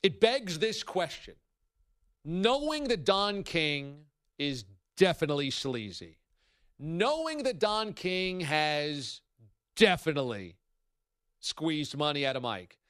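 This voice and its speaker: Wry animated sports radio host. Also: male voice, fairly high pitch, slow pace, smooth, dry recording, studio quality. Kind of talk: sports talk radio monologue.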